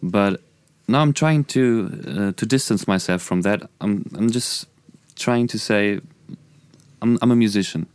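A man's voice: fairly low pitch, measured pace, clear, resonant tone, no echo. A man with a German accent, a musician guest talking earnestly and reflectively in a casual podcast chat. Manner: earnest, reflective, many restarts.

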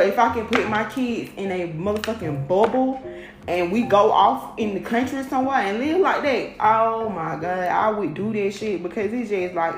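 A woman's voice: medium pitch, background noise. A woman talking straight to her audience in a casual rant, blunt, emphatic and full of swearing. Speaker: vlogger. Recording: roomy echo with faint music.

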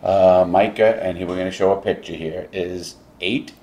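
A man's voice: sits low, steady tone, moderate pace, darkish tone. A middle-aged man interviewing a guest, blunt and emphatic, swearing freely. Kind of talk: casual interview.

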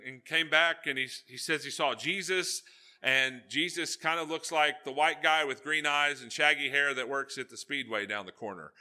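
A male pastor preaching a sermon, telling jokey stories and swinging between loud asides and hushed, earnest points. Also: on the high side.

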